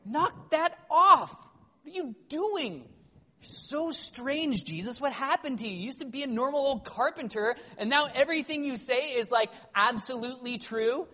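A man voicing an exasperated relative who scolds an odd family member in a high, incredulous, nagging tone, with long hall reverb. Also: animated, normal speed, pushed and bright, full character voice.

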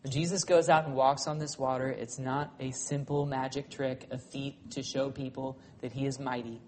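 A pastor preaching a sermon, swinging between loud, high passages and hushed, low ones, and ending by leading a prayer. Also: male voice, level tone, moderate pace, a little hiss or hum. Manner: closes by leading a spoken prayer.

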